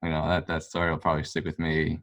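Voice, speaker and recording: A man's voice: extremely low pitch, completely flat delivery, fast talker, fairly bright tone. A man, a golf fan, telling a long story in casual chat, rambling with lots of fillers. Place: local pub.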